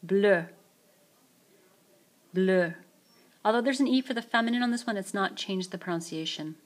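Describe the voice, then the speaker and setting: A woman teaching French vocabulary in a screencast, saying each phrase slowly and then repeating it. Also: mid-range voice. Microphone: tablet mic.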